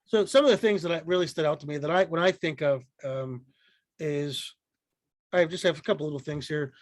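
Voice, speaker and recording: A man's voice: a little high, fairly quick, dry recording. Rambling, profane podcast co-host, man. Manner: rambling, profane, frequent restarts and fillers. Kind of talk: casual podcast chat.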